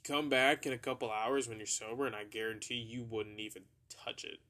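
A blunt, exasperated mother, as a young man quotes her in his story, lays down the law to her son in a mid-range voice. She speaks with flat, scolding firmness, as a quote in a casual spoken anecdote. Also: medium pitch, fairly quick, natural voice.

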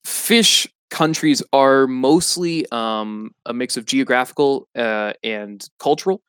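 A man voicing a learned old snailfish who explains things in a measured way with many pauses. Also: mid-range voice, fairly bright tone, smooth, dry recording. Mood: lecturing. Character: learned old male snailfish, knowledgeable and calm. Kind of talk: comedy podcast role-play.

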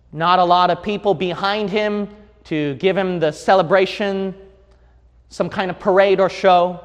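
A man preaching a sermon as pastor, building from quiet reflection into shouted crescendos. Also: high voice, in a large hall.

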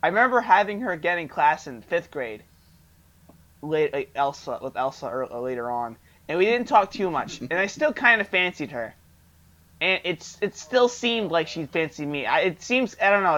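A young man with a slightly high voice tells a story in casual podcast chat. He is animated and acts out each line of dialogue. The audio sounds dull and lo-fi. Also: moderate pace. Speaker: podcast co-host.

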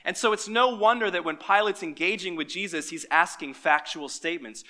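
A man's voice: high voice, expressive, fairly quick, few pauses, sharp tone. A pastor giving a sermon to his congregation, reading scripture and quizzing his listeners in an engaging way.

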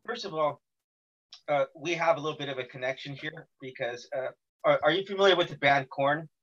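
A man's voice: a little high, brisk, fairly bright tone, highs cut off. A man from the United States hosting an interview, asking long, hesitant, wordy questions. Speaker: interview host. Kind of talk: casual interview.

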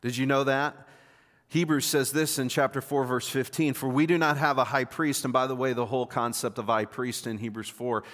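A man's voice: mid-range voice, steady tone, brisk, fairly bright tone. Male preacher in a reverberant hall. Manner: conversational, repeats words, asks the congregation questions. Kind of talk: sermon.

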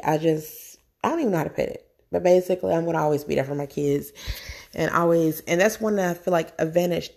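Low, gravelly-voiced chatty woman. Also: mellow. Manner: chatty, rambling, enthusiastic. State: a little nervous. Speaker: podcast host, stay-at-home mom. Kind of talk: casual solo podcast talk. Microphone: phone.

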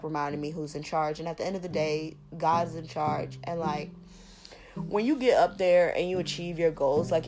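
A young woman in her twenties hosting a podcast, talking candidly and emphatically in slangy casual speech, repeating points for weight. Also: on the low side. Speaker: podcast host. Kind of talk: casual monologue. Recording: music playing underneath.

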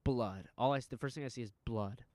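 A man in casual chat, telling a story in an animated, profane way with lots of fillers. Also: medium pitch, quick pace, no room sound.

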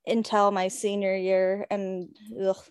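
A woman's voice: mid-range voice, little pitch movement, takes it slowly, a little mellow, clean tone, no echo, studio quality. A young woman co-hosting a podcast, chatting casually and reacting to her co-host. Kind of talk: casual chat.

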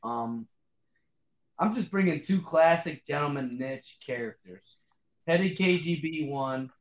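A man's voice: fairly high pitch, unhurried, roomy sound, rough recording. A man co-hosting a casual podcast, rambling with lots of fillers and swearing. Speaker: podcast co-host. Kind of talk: casual chat.

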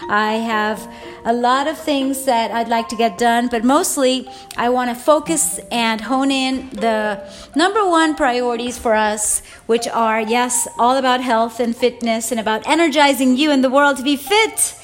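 Woman fitness coach rambling on her phone, emotional, laughs a lot, kinda high voice, faint music behind. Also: a little slow. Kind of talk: casual heartfelt vlog. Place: at home, Eastern US time. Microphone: phone without external mic.

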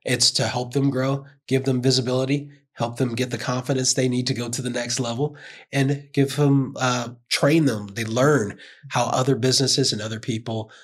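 A man hosts a conversational interview show. His voice has a husky edge, and he keeps backing up his guest with quick affirmations and echoes of her phrases. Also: medium pitch, steady tone. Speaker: talk show host.

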